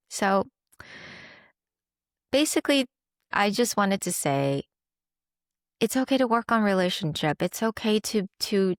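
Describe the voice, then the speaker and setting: A woman's voice: medium pitch, dry recording, clean studio sound. A young adult woman hosting a podcast, talking candidly and reflectively about her own experience, with small laughs along the way. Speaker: podcast host. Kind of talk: candid personal monologue.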